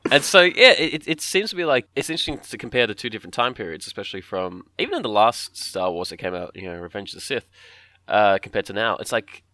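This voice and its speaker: A man's voice: on the low side, expressive, fast, sharp tone, no room sound. A man co-hosting a podcast, rambling in casual chat and restarting his sentences often. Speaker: podcast co-host.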